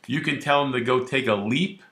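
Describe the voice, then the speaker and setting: A man who is a criminal defense attorney, explaining the law straight to camera in a brash, animated way and acting out little scenes. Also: medium pitch, a little fast, echoey room. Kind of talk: direct-to-camera legal explainer.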